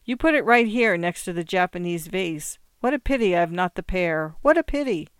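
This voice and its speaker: A storyteller voicing a grateful young man who eagerly presses a gift on someone, in a clear, smooth voice. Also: mid-range voice, animated, a little fast, fairly bright tone, no echo, studio quality, close to an everyday voice. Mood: overjoyed. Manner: effusive, pleading.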